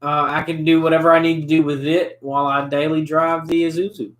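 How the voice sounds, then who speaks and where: A man's voice: a little high, little pitch movement, a little fast, slight background noise. A man in his twenties chatting casually over drinks in a laid-back way, laughing often. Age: 20s. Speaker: host. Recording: echoey room.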